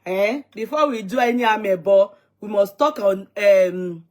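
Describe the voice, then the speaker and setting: Unhurried and mid-range, a Nigerian woman's voice carries a casual livestream she hosts. Chatty with a teasing streak, she says hello to viewers by name and switches into Pidgin and Yoruba.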